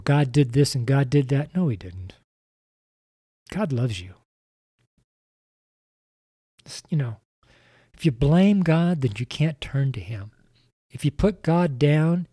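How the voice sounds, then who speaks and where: A man's voice: mid-range voice, warm tone, breathy edge, no echo, studio quality. A man preaching on a podcast, earnest and repetitive, speaking straight to the listener. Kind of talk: evangelistic podcast sermon.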